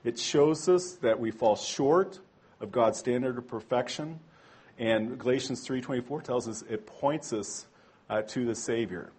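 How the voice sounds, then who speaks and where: A man's voice: medium pitch, a little slow, a little mellow, slightly rough. A man teaching a church training class in a conversational way, tossing in rhetorical asides and correcting himself aloud. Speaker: Bible teacher.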